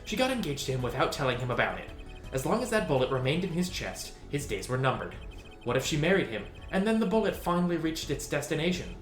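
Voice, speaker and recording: A man's voice: a little high, big pitch swings, quick pace, soft background music. A man voicing an earnest young defense lawyer, puzzled and questioning. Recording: roomy echo.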